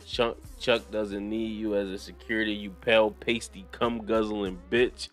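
A young man with a fairly low voice talks through the news in loose, profane commentary. He breaks into laughter often and riffs animatedly between the lines he reads. Faint music plays behind him. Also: level tone, unhurried. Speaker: commentary channel host. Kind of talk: casual commentary, reading news aloud.

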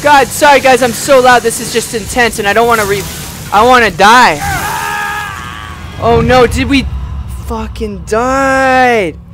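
A man doing loud, excitable let's play commentary, swearing and yelling at the game. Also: very high-pitched, measured pace, pauses often. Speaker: gamer. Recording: music playing underneath.

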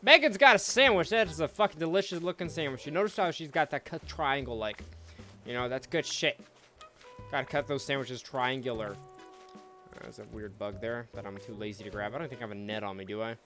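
A man at a medium pitch talks casually over a video game, relaxed and loose, dropping swear words and asides to his viewers. Soft game music plays faintly behind him. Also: fairly quick. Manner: laid-back, swears freely, chatty asides to viewers. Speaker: let's play host. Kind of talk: casual gameplay commentary.

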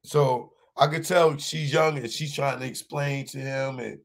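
A male comedian tells a story on stage in a loose, slangy flow, stumbling over and repeating his words. His voice sits in a middle pitch, and he jumps up into high shouts when he acts out other people. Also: steady tone, a little slow, vocal fry. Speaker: stand-up comedian. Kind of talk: live stand-up storytelling.

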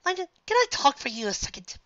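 A woman voicing a nervous, prim female pony in a fan audiobook reading, high-strung and fussy. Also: sing-song, fast, bright, forceful tone, no echo, muffled recording, heavily acted. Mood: fretful.

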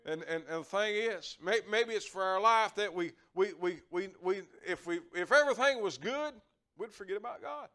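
A man's voice: high-pitched, moderate pace, a bit bright. An older man, preaching a folksy lay sermon, repeating words and chuckling as he talks.

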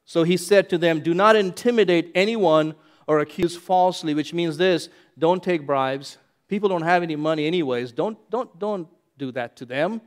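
A male pastor preaching a sermon, animated, repeating lines for emphasis and swinging from loud to hushed. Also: fairly high pitch, unhurried.

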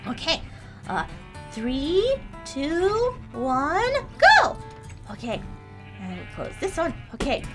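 Bubbly woman host for a kids' game video, very high voice that swoops up and down. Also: wildly swooping pitch, takes it slowly, over music. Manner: bubbly, exaggerated, sing-song. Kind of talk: kids' game let's-play.

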